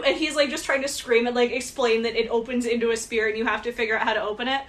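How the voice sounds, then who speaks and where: Brief: woman podcast co-host, high voice, casual and profane, animated retelling. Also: fast, hardly any pauses. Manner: swears often, animated retellings. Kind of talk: casual movie recap chat.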